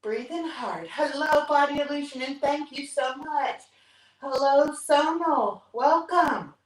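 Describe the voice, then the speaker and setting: In her 60s, a fitness vlog host runs a live workout stream, counting reps between breaths in a breathless, upbeat way, with whoops. Her voice sits high and moves slowly. The mic is at a distance in an echoey room.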